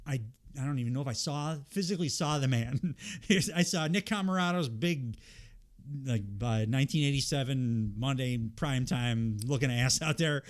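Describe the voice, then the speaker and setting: A man's voice: medium pitch, moderate pace. A man with a cold hosting a podcast, recapping wrestling in a rambling, profane, casual way with many fillers. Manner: rambling, profane, lots of fillers and quoted impressions. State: has a cold. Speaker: podcast host.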